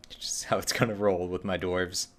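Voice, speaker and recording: A man's voice: low-pitched, little pitch movement, a little fast. A young man chatting casually while streaming a game live, joking with his viewers and sometimes putting on a playful accent for the characters. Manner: joking, chatty, voices quest characters in a put-on Scottish-style accent.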